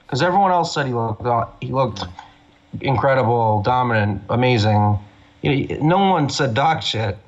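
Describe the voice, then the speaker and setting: A man's voice: mid-range voice, fairly bright tone. Profane, fired-up man on a dull line. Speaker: guest MMA analyst. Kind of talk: heated casual chat.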